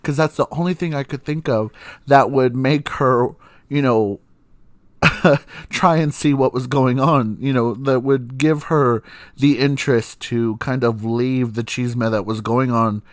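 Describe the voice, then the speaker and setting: A man's voice: mid-range voice, no echo, clean studio sound. A young man hosting a podcast, telling stories casually with frequent laughs and swearing. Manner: profane, laughs often, acts out voices in quotes. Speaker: podcast host. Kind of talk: casual storytelling monologue.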